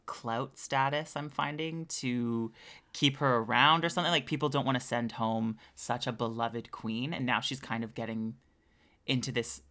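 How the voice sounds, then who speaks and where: A woman's voice: rumbling low, fairly bright tone. A woman co-hosting a podcast in casual chat, upbeat and steering the conversation. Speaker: podcast co-host.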